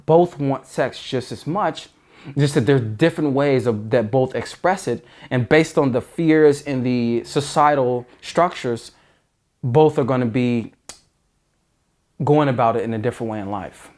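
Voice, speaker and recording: A man's voice: mid-range voice, measured pace, a little mellow. A man giving dating advice in an earnest, emphatic monologue, often restarting sentences. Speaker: dating coach.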